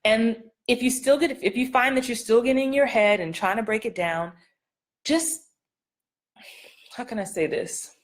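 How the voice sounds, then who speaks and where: A woman's voice: a little high, moderate pace, long pauses. A middle-aged woman acting coach giving casual live-stream advice, playful and sassy, laughing often and acting out line readings.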